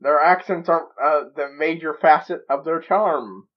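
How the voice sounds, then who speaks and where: A man's voice: fairly high pitch, unhurried, highs cut off. A man hosting a reaction video, talking in a giddy, rambling way full of stammered restarts. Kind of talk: excited reaction commentary.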